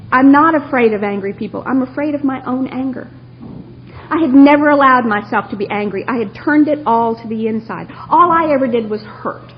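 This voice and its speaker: A woman's voice: sits high, a little hiss or hum. A woman from Texas sharing her own story at a recovery meeting, telling it with humor and frequent laughter. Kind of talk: personal recovery share to a live audience. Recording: lo-fi tape of a talk in a hall.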